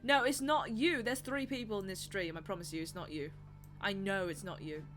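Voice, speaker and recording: A woman's voice: mid-range voice, normal speed, over music. A young woman streaming live, chatting casually in a rambling, self-deprecating way.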